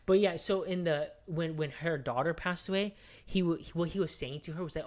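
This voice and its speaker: A man co-hosting a podcast, retelling a movie plot in casual chat with lots of fillers and swearing, dropping to a hushed recap and then bursting out loudly. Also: fairly high pitch, a little fast. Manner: excitable, profane storyteller with many fillers; jumps between hushed recap and loud outbursts. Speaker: podcast co-host.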